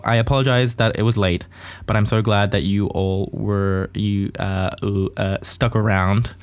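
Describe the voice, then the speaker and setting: Young man, solo podcast host, low-ish voice, loose rambling delivery with plenty of swearing and self-mocking jokes. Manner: rambling, profane, jokey. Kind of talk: casual solo podcast rant.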